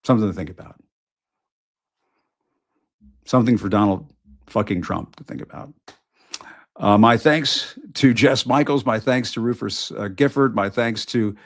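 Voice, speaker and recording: A middle-aged man hosting his own news show, delivering an impassioned, emphatic political monologue full of repetition and profanity, with halting restarts. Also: fairly low pitch, dry recording, clean studio sound. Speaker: host of an independent news show.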